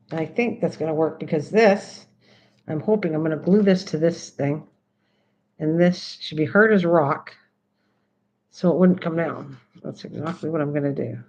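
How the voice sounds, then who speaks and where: A woman's voice: sits low, normal speed, a little mellow, a little hiss or hum. An older woman hosting a crafting livestream, chatting casually and laughing as she talks to her cat and viewers. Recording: dull lo-fi sound.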